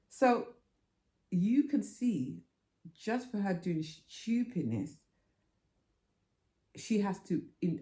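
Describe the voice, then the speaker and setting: A middle-aged woman, chatting to camera in a vlog and telling stories animatedly and indignantly, her pitch jumping high when she gets worked up. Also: mellow, roomy sound. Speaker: vlogger. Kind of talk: casual chat to camera. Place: room at home.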